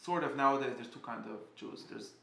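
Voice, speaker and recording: A man giving a casual spoken class, halting and often restarting as he searches for words. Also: medium pitch, vocal fry, fairly bright tone, reverberant. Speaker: teacher.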